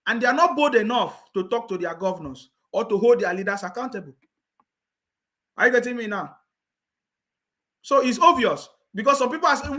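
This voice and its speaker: A man's voice: high-pitched, pushed and bright. A man giving a scornful, insistent political rant, with mocking laughs and repeated check-ins with his viewers. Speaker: political commentator. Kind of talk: ranting online commentary.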